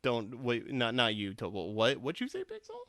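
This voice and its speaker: A man's voice: medium pitch, huge pitch swings, normal speed, a bit bright. A young man hosting a casual podcast, rambling with lots of swearing and restarts. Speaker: podcast host.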